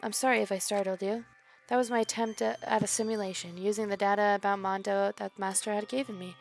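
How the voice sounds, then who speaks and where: Woman voicing a soft, polite computer program. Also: medium pitch, flat delivery, quick pace, creaky, soft background music, close to an everyday voice. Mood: gentle. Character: gentle, polite computer program with a boy's personality.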